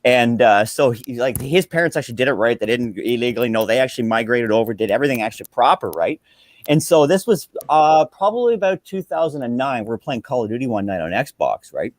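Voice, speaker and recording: A man from Canada, co-hosting a podcast, chatting casually and telling profane stories with animated quoted voices. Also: medium pitch, no echo. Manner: profane storyteller, quick and animated. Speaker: podcast co-host. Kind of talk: casual chat.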